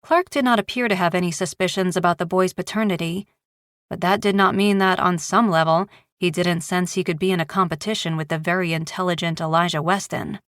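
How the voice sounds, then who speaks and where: A woman narrating a suspense novel in a steady, even way. Her voice sits on the low side and the recording is dry and close, with no room sound. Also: brisk, dry recording. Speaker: audiobook narrator. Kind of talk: scripted thriller narration. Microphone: close studio mic.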